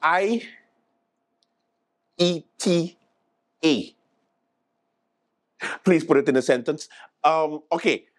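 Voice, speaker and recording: A man hosting a late-night show, riffing through a comic monologue in an exasperated, mock-incredulous way and stumbling over repeated words for laughs. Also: a little high.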